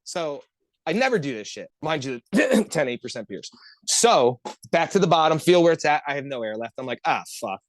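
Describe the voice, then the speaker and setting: Guy rattling off a story real fast, swearing every other word, kinda highish voice, dry close mic. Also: no echo. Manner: profane, animated, rambling storyteller. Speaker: podcast co-host. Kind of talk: casual storytelling among friends.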